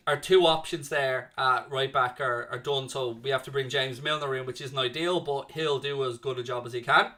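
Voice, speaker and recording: A man hosting a live football watchalong, talking casually to his viewers. His voice sits a little high and sounds bright and forceful. He is animated and reads chat comments aloud as he goes.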